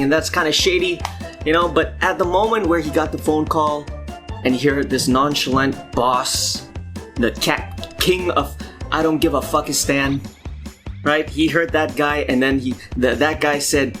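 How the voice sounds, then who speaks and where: A man's voice: a little high, fairly even intonation, music in the background. A man hosting a comedic movie commentary, ranting in an exasperated, profane way. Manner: profane, exasperated, fast-talking. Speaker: host.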